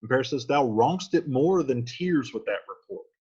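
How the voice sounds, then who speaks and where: A man's voice: mid-range voice, animated, moderate pace, a little mellow, breathy edge, lo-fi sound. A man reading lines from a play aloud and then restating each one in casual, slangy modern speech as a teacher. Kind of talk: casual line-by-line play explanation.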